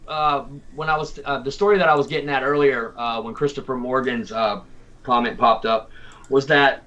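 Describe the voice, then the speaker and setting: A man's voice: medium pitch, normal speed, pushed and bright, lo-fi sound. Rambling laid-back man hosting a stream. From Tennessee. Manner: rambling, laughing, repeats words. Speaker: host. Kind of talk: casual livestream chat.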